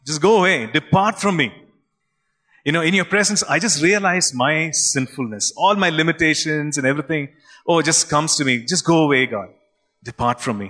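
A man's voice: mid-range voice, normal speed, in a large hall, close to an everyday voice. A male preacher voicing Peter, a tired, impulsive fisherman, in an emphatic retelling. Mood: overwhelmed. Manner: excited, emphatic storytelling.

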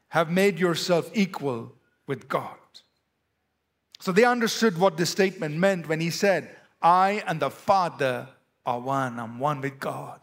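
High-voiced preaching man, Indian accent. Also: a bit bright. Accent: Indian English. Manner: emphatic preaching with rising and falling delivery. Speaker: pastor. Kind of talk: sermon. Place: church.

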